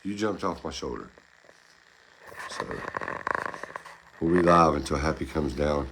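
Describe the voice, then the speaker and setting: A man's voice: very deep voice, measured pace, background noise. A man hosting a casual vlog, talking playfully and coaxingly to his pet monkey. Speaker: pet owner and channel host.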